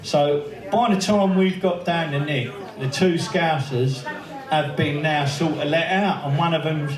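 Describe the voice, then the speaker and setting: A man tells stories to a crowd in a pub, laughing and swearing as he acts out the other people's lines. His voice sits fairly high, and it carries through a roomy, echoing space from a distance away from the mic. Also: a little slow. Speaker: speaker at a memorial birthday event. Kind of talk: anecdotal speech to a crowd. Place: pub function room. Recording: echoey room, heard from a distance.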